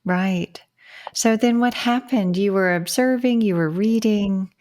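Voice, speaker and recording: A woman's voice: medium pitch, a little slow, darkish tone. A woman hosting a podcast interview, asking brief questions and affirming her guest. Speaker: podcast host.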